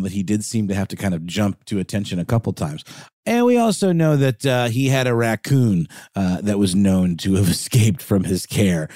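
A man co-hosts a casual history podcast, talking in a chatty, halting way with frequent restarts. His voice sits low and mellow, and the sound is dry and close. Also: no echo. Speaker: podcast co-host.

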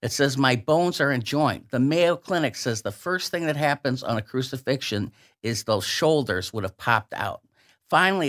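A man speaking as a guest on a radio talk show, reading and explaining scripture verses with slow, emphatic delivery. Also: mid-range voice, fairly bright tone.

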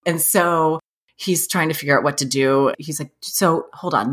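A woman in her thirties telling a funny personal story in casual chat, animated and self-mocking, laughing often. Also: deep voice, normal speed.

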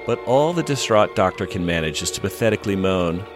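Lively low-voiced man recapping a show. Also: a little fast, over music. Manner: dramatic, storytelling, acts out dialogue. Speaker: podcast co-host. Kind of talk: animated episode recap narration.

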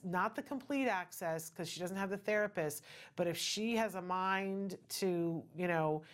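Woman, middle-aged, show host, chatty, earnest, slightly low voice. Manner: chatty and earnest, many asides and "right?". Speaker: podcast host. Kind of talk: casual personal talk show monologue.

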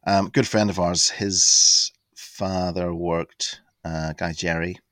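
A man in his fifties, a podcast guest telling a casual anecdote in an animated way, swearing freely and full of fillers and restarts. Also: low-pitched, takes it slowly, no echo. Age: 50s.

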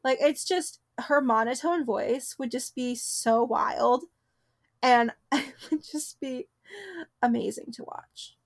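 A young woman co-hosting a podcast in casual chat, chatty and giggly, riffing quickly. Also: on the high side. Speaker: podcast co-host.

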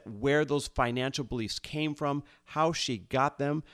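Upbeat male podcast host. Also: medium pitch. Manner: energetic, hyped intro. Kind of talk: podcast interview.

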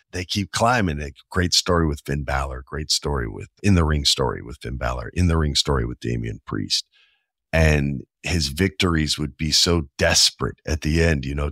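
A man in his forties with a low, deep voice talks loosely and eagerly as the host of his own show. He keeps things chatty and tosses in quick voiced asides. The sound is dry and close, with no room around it. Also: fairly bright tone, no echo. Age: 40s. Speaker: podcast host. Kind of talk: casual solo commentary.

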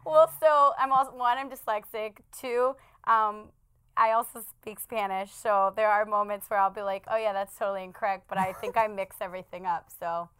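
A woman from the Bronx, a journalist co-hosting a podcast, chatting in an animated way and laughing often. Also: medium pitch, moderate pace, clean tone, no echo. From the Bronx, New York. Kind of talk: casual chat.

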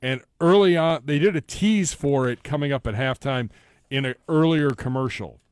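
A man's voice: medium pitch, normal speed, darkish tone, clean tone, no room sound. A man co-hosting a sports radio show, retelling commercials in a loose, rambling way. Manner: rambling, retells ads with quoted lines. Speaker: co-host. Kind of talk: casual sports radio chat.

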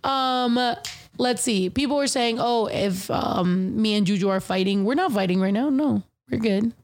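A woman hosting a podcast in casual chat, telling stories in an animated, profane way full of slang. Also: mid-range voice, moderate pace. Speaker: podcast host.

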